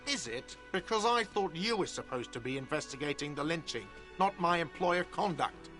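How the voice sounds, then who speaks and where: A whiny, petty cafeteria manager. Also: male voice, fairly high pitch, animated, normal speed, pushed and bright, soft background music. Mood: defensive. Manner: whiny, defensive, sarcastic. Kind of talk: video game voice acting.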